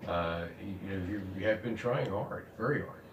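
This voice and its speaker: A male therapist speaking calmly and reassuringly, offering steady support to his client. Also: on the low side, moderate pace, a little hiss or hum. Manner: calm, reassuring. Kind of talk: supportive counseling. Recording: roomy and distant with faint ambience.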